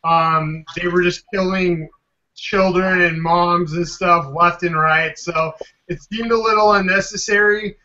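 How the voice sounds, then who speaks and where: Bright, high-voiced male podcast host. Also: fairly even intonation, unhurried, slight background noise. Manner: rambling, many "um" fillers. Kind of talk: casual panel chat. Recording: dull lo-fi sound.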